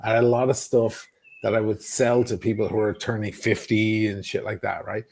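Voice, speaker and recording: A man telling a wild story in casual chat, swearing freely and animated. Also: lowish voice, normal speed, gravelly. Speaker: guest storyteller.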